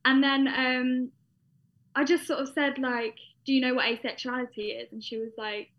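A woman's voice: high voice, flat delivery, moderate pace. Chatty young British woman, lo-fi. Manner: chatty, with frequent fillers and laughs. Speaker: guest. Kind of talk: casual personal storytelling. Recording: dull lo-fi sound.

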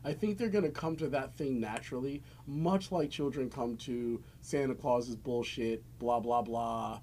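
A man co-hosting a podcast in casual chat, animated and laughing often as he jokes around. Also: medium pitch, a little slow, slight background noise. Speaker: podcast co-host.

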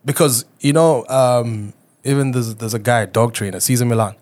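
A man co-hosting a podcast in casual chat, telling animated stories and acting out quoted voices, with some swearing. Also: mid-range voice, normal speed. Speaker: podcast co-host.

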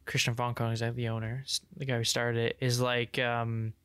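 A young man co-hosting a casual podcast, rambling with lots of "like" and restarts while explaining things he's excited about. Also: mid-range voice, normal speed, smooth, no room sound. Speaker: podcast co-host. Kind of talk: casual chat.

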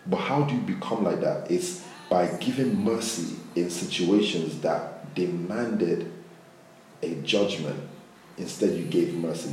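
A man's voice: sits low, unhurried, distant mic, a little hiss or hum. A man preaching a conversational sermon as a pastor, acting out quotes and talking straight to his people. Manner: conversational, animated, acts out quotes. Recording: very echoey room with music behind. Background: music.

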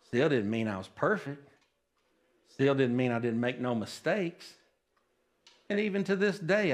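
A man's voice: mid-range voice, animated, normal speed. A man preaching a sermon at a church service, plain-spoken and folksy, often checking in with the congregation. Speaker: pastor.

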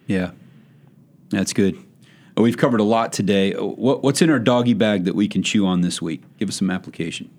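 Low-voiced folksy male host. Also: fairly quick, a little mellow. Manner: folksy, thoughtful questioning. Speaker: podcast host. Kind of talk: podcast interview.

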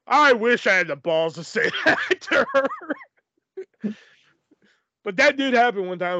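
A man tells stories on a podcast in a high, animated voice, rambling, cursing and filling his speech with "like" and "you know". The sound is dull and lo-fi, and the recording is dry. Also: measured pace, pauses often, no room sound. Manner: profane, rambling, filler-heavy. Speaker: podcast host. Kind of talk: casual storytelling chat.

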